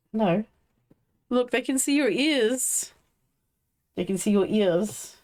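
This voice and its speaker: Woman live streamer, unhurried casual chat, playful scolding of her pets. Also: a little high, animated, a little mellow.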